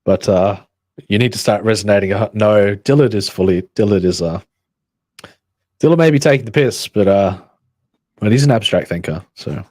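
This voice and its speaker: A man's voice: lowish voice, darkish tone, no room sound. Rambling man reacting on a livestream. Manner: musing, halting, reads chat aloud. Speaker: livestream host.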